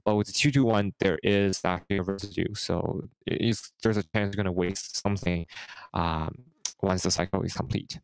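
A man's voice: deep voice, steady tone, normal speed, vocal fry, clean tone, poor audio. A man hosting a casual live stream, talking through market charts in a hesitant way with many fillers and restarts. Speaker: host.

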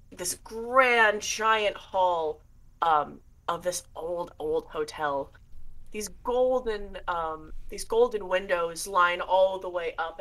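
A woman's voice: fairly low pitch, fairly bright tone. A young woman narrating a tabletop game as game master, descriptive with many fillers.

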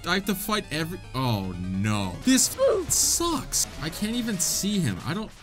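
A young man giving casual, excitable gameplay commentary, swearing and trash-talking the enemies. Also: high-pitched, a little slow, soft background music. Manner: excitable, profane, jokey trash talk. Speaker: gaming video host.

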